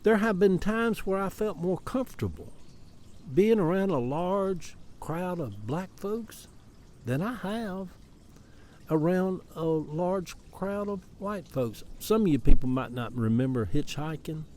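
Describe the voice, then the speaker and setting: A man's voice: high-pitched, expressive, a little slow, darkish tone, slight background noise. A man in his seventies with a Southern American accent, talking in a rambling, folksy way in a casual vlog, out in his garden. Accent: Southern American, Atlanta Cabbagetown dialect. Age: 70s. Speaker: social media storyteller. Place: outdoors in a backyard garden.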